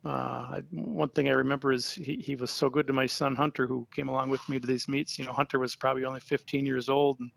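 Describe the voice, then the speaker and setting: A middle-aged man from Wisconsin, an interview guest, talking in a relaxed, rambling way with many fillers. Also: medium pitch, fast talker, gravelly, hardly any pauses, no echo. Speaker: interview guest, sign painter. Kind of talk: casual phone-style interview.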